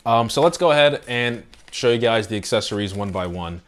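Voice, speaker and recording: A man doing a casual late-night unboxing at home. He is slightly out of breath and swings between quiet asides and loud excited exclamations. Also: mid-range voice, a little fast, a little hiss or hum. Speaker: tech unboxing vlogger.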